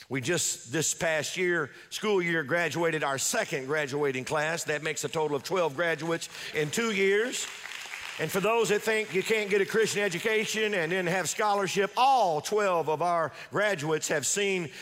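A man's voice: sits high, a bit bright, long reverb tail. A man preaching a sermon as pastor, leading the congregation in call-and-response, stretching key words and repeating himself as he builds a point. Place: church sanctuary.

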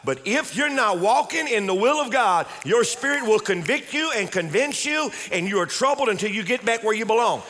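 A man's voice: high voice, animated, normal speed, few pauses, a bit bright. A male pastor preaching a sermon with emphatic delivery, repeating key words and calling on the congregation to respond.

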